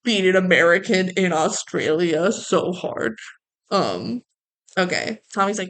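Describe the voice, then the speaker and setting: A woman's voice: fairly low pitch, animated, measured pace, fairly bright tone. A woman co-hosting a podcast, chatting casually through a movie recap, laughing and quoting characters. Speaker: podcast co-host.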